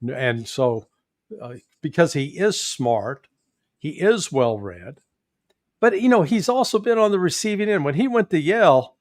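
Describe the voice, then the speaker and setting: Midwestern male guest, former analyst, folksy and animated, higher voice. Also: measured pace, dry recording, studio quality. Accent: Midwestern American. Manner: folksy, animated, chuckles often. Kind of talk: political commentary interview.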